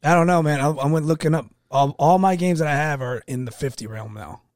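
A man co-hosting a casual podcast chat, loud and teasing, laughing often. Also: on the high side, brisk, no echo, clean studio sound. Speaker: podcast co-host.

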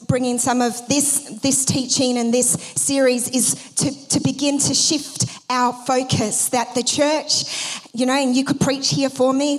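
A woman pastor giving a conversational sermon, with frequent fillers and restarts as she talks. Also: high-pitched.

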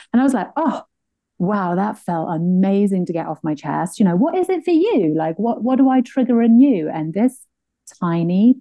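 A middle-aged woman hosting an interview, an animated storyteller who laughs often and acts out the people she quotes. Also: on the low side, dry recording, muffled recording. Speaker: podcast host. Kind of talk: conversational interview.

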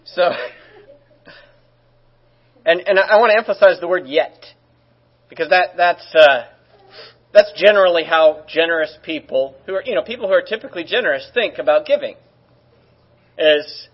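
A male pastor delivers a sermon in a relaxed, conversational manner and drops in joking asides. His voice sits a little high and has a husky edge. The recording sounds somewhat dull and lo-fi. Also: normal speed, pauses often.

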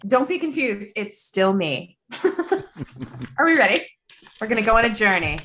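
A woman's voice: medium pitch, sing-song, normal speed, sharp tone, a little hiss or hum. A woman co-hosting a comedy podcast, chatting in a playful, bubbly way. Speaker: podcast co-host.

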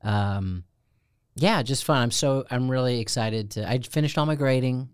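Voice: medium pitch, moderate pace, smooth, no echo, clean studio sound. A professor co-hosting a podcast, chatty, playful and enthusiastic in casual talk. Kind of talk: casual chat.

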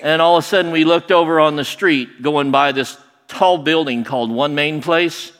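Male storyteller, lively, voices the quotes himself, long hall reverb. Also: a little high, normal speed. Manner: animated, acts out quoted voices. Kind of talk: personal storytelling to an audience.

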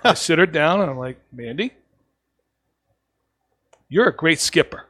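A man's voice: on the high side, a little slow, pauses often. A man who owns a cigar shop, telling stories in a casual podcast chat and acting out the lines he quotes. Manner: animated storyteller, acts out quotes.

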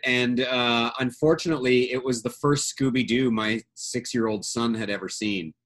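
A man's voice: medium pitch, steady tone, normal speed, a bit bright. Rambling man in his forties. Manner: rambling, self-deprecating, many fillers. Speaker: regular panelist on movies and music. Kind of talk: casual chat.

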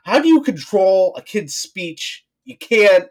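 A man in his thirties with a somewhat high voice, talking in a relaxed podcast chat. His pitch moves a lot and he laughs easily as he talks. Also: slow. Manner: expressive, laughing, chatty parent anecdotes. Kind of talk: casual chat.

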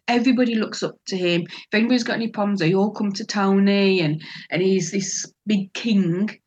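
A woman's voice: medium pitch, husky. A middle-aged woman telling an emotional personal story in an interview, acting out what others said and laughing often. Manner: animated, acts out quoted voices, laughs often. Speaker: interview guest telling her adoption story.

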